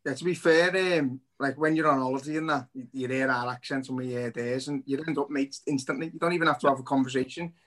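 A man's voice: medium pitch, fast, few pauses, fairly bright tone. A man co-hosting a podcast, chatting in casual, laughing banter. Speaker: podcast co-host. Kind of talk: casual chat.

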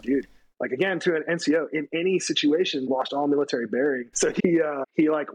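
Guest: husky retired soldier, casual and animated, jumps up in pitch to act out others. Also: male voice, fast talker, poor audio. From United States. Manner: animated storytelling, acts out quotes with raised pitch. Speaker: guest, retired Army staff sergeant. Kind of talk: casual storytelling interview.

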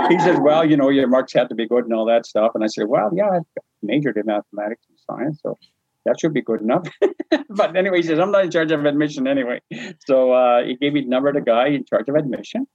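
The speaker is a man from New Brunswick, Canada, an interviewee recounting his life in a relaxed memoir style while acting out lines and chuckling often. His mid-range voice moves fairly quickly and has a breathy edge. The recording is dry, slightly muffled, and without room sound.

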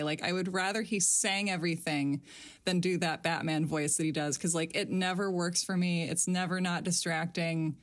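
A woman's voice: lowish voice, fairly even intonation, moderate pace. A woman co-hosting a casual movie podcast, opinionated and wry as she talks film. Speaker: podcast co-host.

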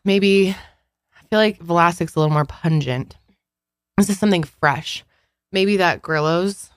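A woman co-hosting a podcast, talking in a relaxed, frank way and swearing casually. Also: fairly low pitch, measured pace, dry recording, clean studio sound. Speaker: podcast co-host. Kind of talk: casual chat. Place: studio room with a couch.

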